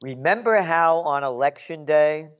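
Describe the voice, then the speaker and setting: A man's voice: fairly high pitch, lively intonation, a little slow, a bit bright, clear, resonant tone, muffled recording. A man delivering an angry, sarcastic political rant as a commentator. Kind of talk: ranting monologue.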